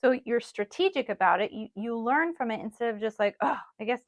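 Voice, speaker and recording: A woman co-hosting a podcast, her voice a little higher than most and recorded dry and close. She talks casually and chimes in to finish her partner's points. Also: lively intonation, a little fast, dry recording. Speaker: podcast co-host.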